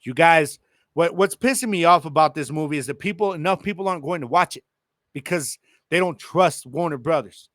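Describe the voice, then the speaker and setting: A man hosting a casual solo podcast with a Chicano English accent, talking to his listeners in a lively, slangy way. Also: on the high side, brisk, no room sound, studio quality. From El Paso, Texas. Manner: animated, slangy, addresses listeners directly. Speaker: podcast host.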